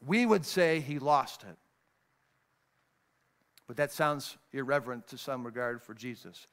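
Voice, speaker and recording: A man, a pastor, preaching a sermon, moving between raised, emphatic lines and hushed, low passages as he reads scripture. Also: lively intonation, unhurried. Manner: reads scripture in old-fashioned wording.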